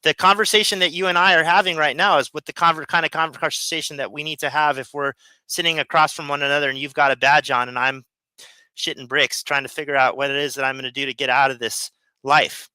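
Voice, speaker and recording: A man's voice: on the high side, fairly even intonation, fast, pushed and bright, clean tone, dry recording, low-quality recording. A man who is a guest and a former criminal, talking emphatically in casual chat, repeating himself and swearing freely.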